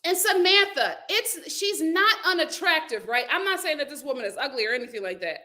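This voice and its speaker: Reading viewer comments aloud on her casual stream, a young woman chats with animation and laughs often. She has a high voice and talks a little fast.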